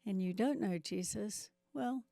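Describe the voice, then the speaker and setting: Gravelly-voiced older woman from New Zealand. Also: mid-range voice, measured pace, mellow, dry recording. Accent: faint New Zealand. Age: 70s. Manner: chatty storyteller with self-mocking asides. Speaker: guest missionary. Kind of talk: testimony interview.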